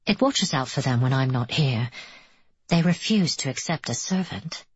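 A woman reading the part of a gentle young man, a devoted son whose light, even tone hides his sadness. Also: extremely low pitch, moderate pace, breathy edge, no echo, dull audio, exaggerated voice. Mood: light, calm.

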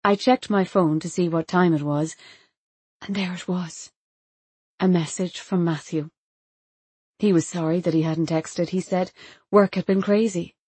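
Woman narrator for a literary audiobook, quiet and intimate, lowish voice, dry close recording. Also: steady tone, a little slow, pauses often, slightly rough, no echo. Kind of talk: first-person literary narration.

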